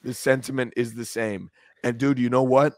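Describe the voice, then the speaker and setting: A man chats on a podcast, swearing freely and emotional, close to tears with a breaking voice. His voice sits at a middle pitch. The sound is dry and close. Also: fairly even intonation, moderate pace, a little mellow, dry recording. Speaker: podcast co-host. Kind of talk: casual podcast chat.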